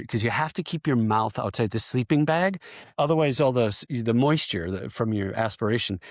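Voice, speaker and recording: Brief: man, 50s, veteran podcast guest, animated storyteller, mid pitch, close dry mic. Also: no room sound. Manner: animated storyteller who acts out shouted quotes and often laughs. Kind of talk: casual interview storytelling.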